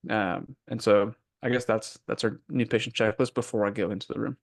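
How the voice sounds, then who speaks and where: Low-voiced, hesitant male podcast co-host. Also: fairly quick, gravelly, no echo, studio quality. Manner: hesitant, restarts often. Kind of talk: casual podcast chat.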